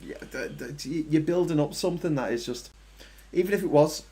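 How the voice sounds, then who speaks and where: A man's voice: a little high, fairly quick. A middle-aged man hosting a casual chat, joking and telling stories. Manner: jokey storyteller, animated voices. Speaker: host.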